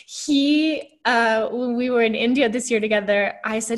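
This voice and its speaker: A young woman hosting a casual video interview, bubbly and quick to laugh. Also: a little high. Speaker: host.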